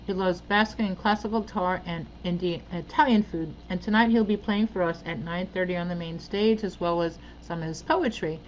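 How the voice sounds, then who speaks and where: A woman hosting an event, introducing a speaker and reading out his bio with pauses and fillers. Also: fairly low pitch, lo-fi sound, slight background noise. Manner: halting, reads out bio with fillers. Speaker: event host.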